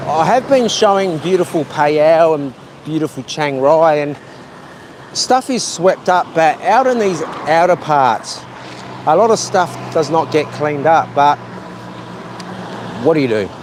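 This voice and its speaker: Travel vlogger, male, loose chatty delivery outdoors, slightly high voice. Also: expressive, a little slow, a little hiss or hum. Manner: chatty, rambling, talks to viewers as "guys". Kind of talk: casual walking vlog. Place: outdoors on town streets.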